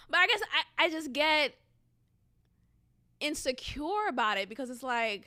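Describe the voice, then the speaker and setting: A young woman talks through her podcast alone in a loose, unscripted way. Her voice sits high and sounds bright. She speaks frankly, swears without thinking twice, and breaks into laughter as she airs her frustrations. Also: animated, unhurried, long pauses. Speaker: podcast host. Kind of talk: casual solo podcast chat.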